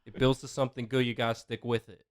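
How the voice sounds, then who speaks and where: A man's voice: medium pitch, little pitch movement, quick pace. A man from Maryland chatting casually and a bit mock-seriously on a comedy drawing show. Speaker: artist and show regular. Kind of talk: casual chat while drawing.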